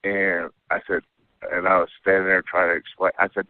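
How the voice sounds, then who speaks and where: A man with a very deep voice tells a long personal story in a casual, rambling way, tagging lines with "okay?". He comes through a narrow, tinny phone line. The sound is dry and close. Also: level tone, brisk, no echo. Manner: rambling, keeps adding "okay?". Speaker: caller telling an alien abduction story.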